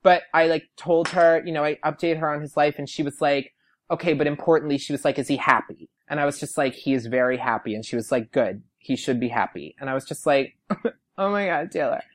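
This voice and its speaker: A young man appears as a podcast guest, telling stories casually in a slightly high voice at a slightly fast pace. He's chatty and animated, slipping into lively put-on voices whenever he quotes people.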